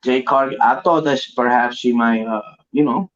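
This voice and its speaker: Slangy, animated male podcaster. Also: mid-range voice, normal speed. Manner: loose and animated, heavy slang. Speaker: podcast co-host. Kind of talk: casual wrestling chat. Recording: dull lo-fi audio.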